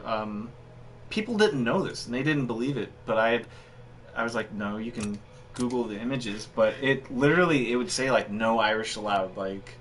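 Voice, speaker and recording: A man's voice: on the low side, a bit bright, a little hiss or hum. A man in his thirties chatting casually while streaming a game, rambling and self-mocking, often breaking into laughter. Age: 30s. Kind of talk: casual chat while gaming.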